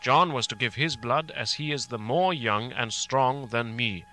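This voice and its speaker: A man's voice: mid-range voice, sharp tone. A man voicing Van Helsing, grave old professor. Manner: grave, urgent, measured speech. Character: elderly male professor, grave and commanding, kindly.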